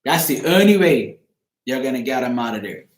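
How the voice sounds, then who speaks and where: This live chat host speaks at a moderate pace in a mid-range voice that swings widely in pitch. Recorded in an echoey room, he drives his advice to a viewer home through repetition, cursing liberally and constantly checking in with "right?".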